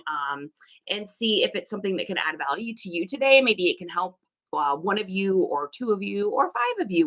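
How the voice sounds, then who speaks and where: A woman's voice: mid-range voice, bright, forceful tone. A woman hosting a casual livestream as a reseller, chatty and laughing often as she greets viewers by name. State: allergies, puffy eyes.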